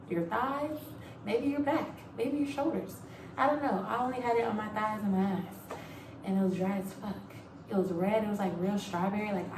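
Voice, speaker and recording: Speaking at medium pitch, a young Navy recruit shares a casual, candid boot camp story to camera, swearing freely and saying "like" and "um" a lot. The mic is distant, the room echoey, and background noise is clear.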